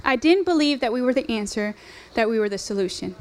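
A woman's voice: fairly high pitch, lively intonation, quick pace. A woman in her forties giving an earnest, conversational sermon with personal testimony, using fillers and rhetorical questions. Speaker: speaker at a women's ministry event.

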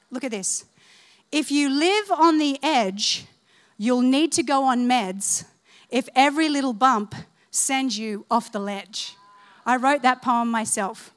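A woman preaching a sermon, telling funny stories, laughing along and calling on the congregation to respond. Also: high-pitched. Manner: animated, humorous, laughing through stories. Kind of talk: sermon with storytelling.

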